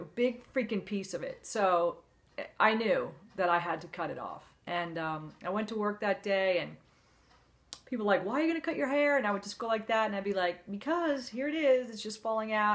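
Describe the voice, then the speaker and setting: A woman's voice: mid-range voice, fairly bright tone. A woman talking to camera in a candid, heartfelt, conversational way, with plenty of fillers. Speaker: vlogger. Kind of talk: candid personal storytelling to camera.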